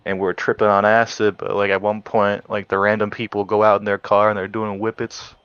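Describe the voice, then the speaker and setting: A man's voice: lowish voice, monotone, brisk, fairly bright tone, smooth, no echo, lo-fi sound. A young man in casual chat, laid-back, answering in short remarks.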